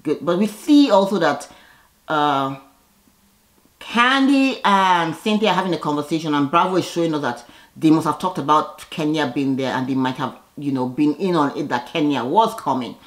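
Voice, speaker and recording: A woman with a slightly low voice talking through a reality show episode in a loose recap. She is blunt and sassy, throwing out sharp opinions on the cast in an animated way. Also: normal speed. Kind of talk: casual recap commentary.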